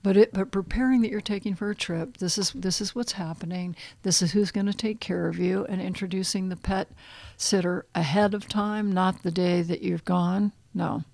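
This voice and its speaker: A middle-aged woman, an animal communication counselor, talking in a soft, guiding way that sometimes drops to a hushed near-whisper in a podcast interview. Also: mid-range voice, fairly even intonation, moderate pace, no room sound.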